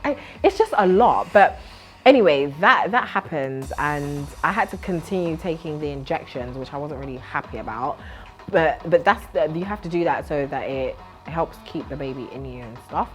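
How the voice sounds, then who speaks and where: A young woman from Britain, a TV host, telling her story to camera in a lively, chatty way with lots of laughs. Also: sits low, moderate pace, faint music behind. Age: young adult. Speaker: vlogger and TV host.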